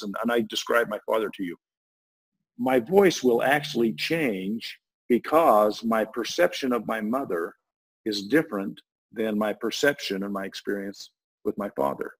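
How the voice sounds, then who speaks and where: A man's voice: fairly low pitch, moderate pace, husky, low-quality recording. A man talking through an idea in a loose, rambling way, often restarting his sentences. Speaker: guest explaining a voice technology. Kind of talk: casual explanatory talk.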